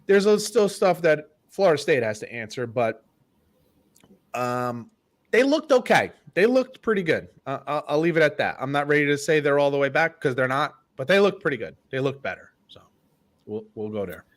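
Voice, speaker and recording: Relaxed man co-hosting a sports podcast. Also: fairly high pitch, normal speed. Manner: relaxed, storytelling, trails off quietly. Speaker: podcast co-host. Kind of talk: casual sports chat.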